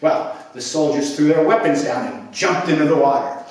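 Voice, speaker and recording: A man narrates a children's folk tale in a playful, expressive way, throwing in sound effects. His voice sits a bit high and comes from a distance, with heavy room echo. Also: moderate pace, slight background noise. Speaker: storyteller. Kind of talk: animated children's storytelling. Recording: echoey room, mic at a distance.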